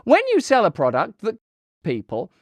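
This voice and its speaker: A man's voice: high voice, huge pitch swings, moderate pace, dry recording. A British man hosting an online show, delivering news commentary to a live chat in a sarcastic, mocking way and hammering points home through repetition. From United Kingdom.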